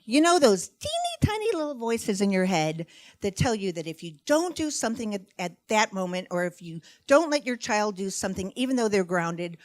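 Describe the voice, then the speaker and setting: A middle-aged female comic performs for a live crowd, spinning lively, self-mocking, conversational tales about being a mother. She speaks a little fast in a mid-range voice, with no room sound audible.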